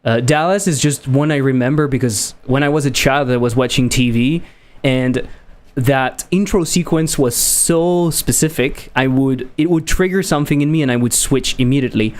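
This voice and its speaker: A man from France with a French accent, talking with his chat in a rambling, animated way. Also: medium pitch, normal speed. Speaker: game developer streamer. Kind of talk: casual live-stream chat.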